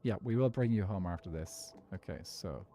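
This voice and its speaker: A man's voice: deep voice, moderate pace, warm tone, a little hiss or hum. An Irish man streaming a game, chatting casually and rambling with frequent laughs. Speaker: Minecraft streamer. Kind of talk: casual chat while gaming and reading chat.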